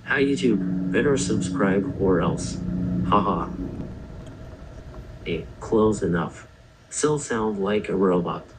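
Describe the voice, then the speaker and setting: A man's voice: fairly low pitch, animated, takes it slowly, pauses often, background noise. A man presenting an AI-cloned copy of his own voice played from a phone, sounding robotic. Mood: flat. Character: AI-cloned copy of a man's voice, flat. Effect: synthetic voice played from a phone.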